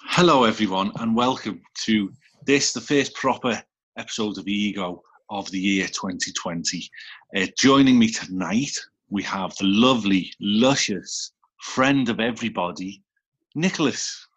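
A man with a Liverpool accent hosts a casual podcast episode over a video call, teasing his friends and swearing at them. His voice sits on the low side, a little slow, with a fairly bright tone and a breathy edge.

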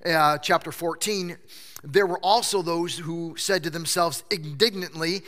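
A male pastor preaches with a bright, forceful edge and a voice pitched a little high. His delivery is lively storytelling, and he slips into quoted voices along the way. The sound rings with a long reverb from a church sanctuary. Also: measured pace. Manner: animated storytelling preacher who acts out quotes. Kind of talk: sermon.

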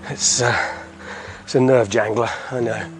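A man's voice: medium pitch, steady tone, measured pace, over music. Chatty man podcasting while walking uphill. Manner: chatty, chuckling, rambling. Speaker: community podcast host. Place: outdoors on a hillside road.

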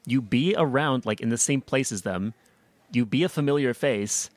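A man's voice: mid-range voice, moderate pace, no echo. A young American man hosting a podcast, chatting casually and rambling with lots of fillers and restarts. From United States. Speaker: podcast host. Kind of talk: casual chat.

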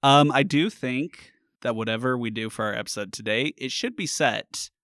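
A man's voice: mid-range voice, moderate pace, fairly bright tone, no echo, clean studio sound. A man hosting a casual comedy podcast, joking and riffing with his co-host. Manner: jokey, puts on an old-timey radio announcer voice.

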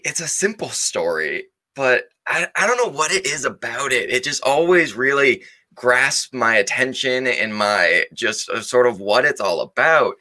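A man's voice: mid-range voice, sharp tone. A man giving a sermon in a casual, conversational way, often hedging and restarting his sentences. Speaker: preacher.

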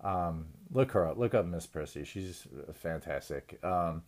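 A man hosting a podcast in a crude, rambling comedic rant, swearing constantly and often trailing off into low mumbles. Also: lively intonation, a little slow, a little mellow. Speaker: podcast host.

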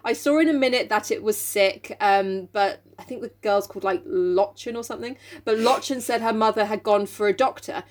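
A woman's voice: medium pitch, brisk, hardly any pauses. Woman reading aloud and joking. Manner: reads aloud, then jokes and laughs often. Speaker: podcast co-host reading and discussing a novel. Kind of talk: casual book-club chat with read-aloud passages.

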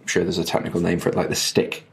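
A man's voice: sits low, monotone, rapid-fire, gravelly. A man co-hosting a podcast, chatting casually in a rambling, self-interrupting and jokey way. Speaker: podcast co-host. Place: at home during rain, remote call.

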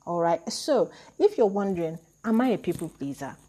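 A woman talking in a casual, reflective monologue, chatty and quick to laugh at herself. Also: fairly low pitch, sing-song, mellow, slightly rough.

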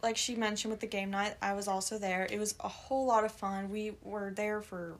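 A woman's voice: medium pitch, fairly even intonation, fairly quick. Encouraging young woman podcast co-host. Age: young adult. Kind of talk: casual chat.

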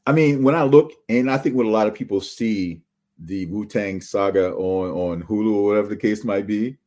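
A man hosting a podcast interview, asking questions in a relaxed way with short listening replies and a husky voice. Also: lowish voice, moderate pace. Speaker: podcast host. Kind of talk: casual interview.

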